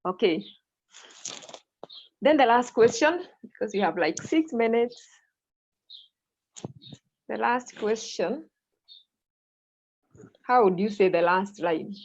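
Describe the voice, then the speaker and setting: A woman's voice: fairly high pitch, expressive, slow, pauses often. A woman teacher leading an online English lesson, prompting students and repeating their answers back. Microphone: video call. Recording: muffled video call audio.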